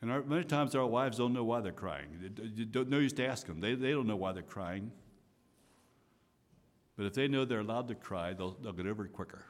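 A man preaching a sermon, swinging from loud emphatic lines to soft hushed asides. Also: lowish voice, brisk. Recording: long hall reverb.

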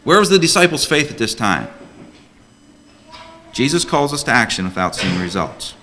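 A man's voice: medium pitch, big pitch swings, moderate pace, noisy background. A man preaching a sermon to a church congregation as a deacon, earnest and emphatic, full of rhetorical questions.

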